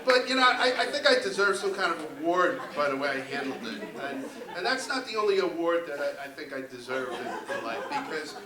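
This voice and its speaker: A man in his fifties doing a stand-up set, halting and full of ums and repeated words, recorded in a club with audience laughter. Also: a little high, big pitch swings. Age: 50s. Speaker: stand-up comedian. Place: comedy club stage. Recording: roomy club sound from a distance with loud crowd.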